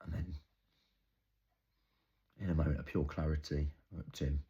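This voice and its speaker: A young man performing an intense, halting, improvised dramatic monologue. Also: a bass voice, steady tone, dark tone, slightly rough, muffled recording. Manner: intense, halting, storytelling with heavy swearing. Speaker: actor.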